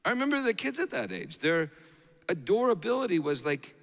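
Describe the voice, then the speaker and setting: A middle-aged man preaching a sermon as a pastor, swinging between hushed and loud passages. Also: sits high, very animated, fairly quick. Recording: long reverb of a large hall.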